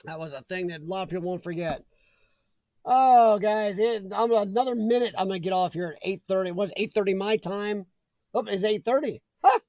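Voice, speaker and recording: A man's voice: sits high, a little fast, a little mellow, no echo. A middle-aged man hosting a casual live stream from his home, rambling in a chatty way and answering viewer comments. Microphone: desk mic.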